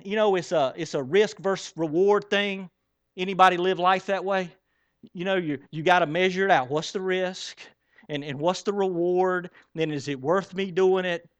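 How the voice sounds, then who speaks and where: A man preaching a sermon as pastor, animated and asking the congregation questions as he acts out the story. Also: high-pitched, no room sound. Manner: acts out Bible characters in quoted voices.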